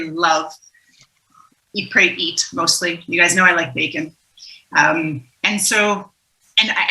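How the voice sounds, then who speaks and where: A very bright-toned, chatty woman hosts an interactive workshop over a video call. She sounds upbeat and engaging. Her computer mic picks up a noticeably echoey room. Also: medium pitch. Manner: upbeat, chatty, greets participants by name and laughs often. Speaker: keynote speaker and workshop host. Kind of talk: interactive online workshop talk. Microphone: computer microphone on a video call.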